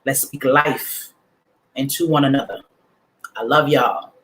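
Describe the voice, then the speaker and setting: A man's voice: medium pitch, steady tone, measured pace, fairly bright tone. A man hosting a livestream, giving a motivational talk to his audience in casual slang, repeating affirmations with emphasis like a preacher. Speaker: livestream host.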